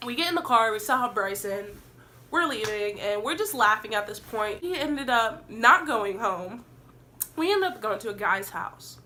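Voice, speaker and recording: A young woman tells a storytime vlog in a bright, clear voice that sits a little high. She is animated and profane, and she acts out what other people said. A faint hiss of noise sits behind her. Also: moderate pace. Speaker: vlogger.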